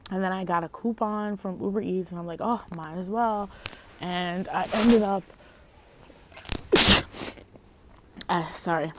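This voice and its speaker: A woman vlogging outside at night on a phone, rambling casually and loosely, laughing and losing her train of thought, a little high. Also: fairly even intonation, takes it slowly, pauses often, noisy background. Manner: rambling, laughing, self-interrupting. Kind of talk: casual chat. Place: outdoors at night.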